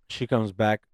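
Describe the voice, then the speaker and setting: A man telling a profane, animated story in casual chat on a podcast. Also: fairly low pitch, creaky, husky, dry recording, studio quality.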